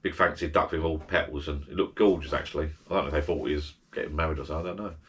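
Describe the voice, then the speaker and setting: Man, very low voice, casual vlog chat, rambling. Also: fairly even intonation, very fast, fairly bright tone. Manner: rambling, chatty, frequent restarts and asides. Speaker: travel vlogger. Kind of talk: casual holiday advice chat.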